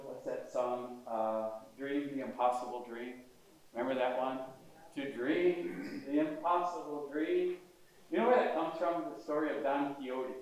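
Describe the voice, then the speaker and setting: A man's voice: medium pitch, darkish tone. Older male priest preaching in echoey church. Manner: conversational preaching with questions to the congregation. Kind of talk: sermon. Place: large church. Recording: echoey church heard from a distance.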